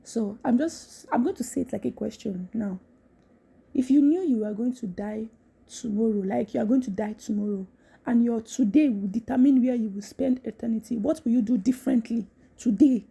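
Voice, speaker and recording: A woman giving a casual devotional talk, animated, repeating phrases and laughing often. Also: fairly high pitch, normal speed, vocal fry, husky. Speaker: Christian content creator.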